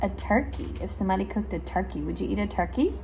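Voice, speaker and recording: Reading a picture book aloud to young children, a woman speech therapist asks questions and over-articulates sounds for her small listeners. Her voice is expressive, creaky, and mellow, moving slowly in a sing-song way with big exaggerated pitch jumps when she praises. A faint hiss or hum sits under the audio.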